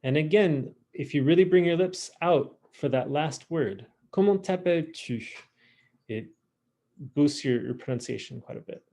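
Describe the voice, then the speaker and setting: A man teaching a French class online, modeling pronunciation in an exaggerated, lively way over a video call. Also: fairly high pitch, moderate pace, gravelly. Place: home, virtual class. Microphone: computer mic on a video call.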